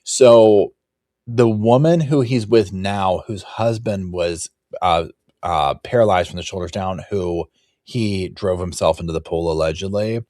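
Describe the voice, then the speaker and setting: A low-pitched man with a drawl hosts a true crime stream from his sofa. He rambles and throws in animated, acted-out quotes. His voice sits close and dry on the mic. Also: measured pace, no echo. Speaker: true crime livestream host. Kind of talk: casual live chat reacting to viewers. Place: home, dogs barking nearby.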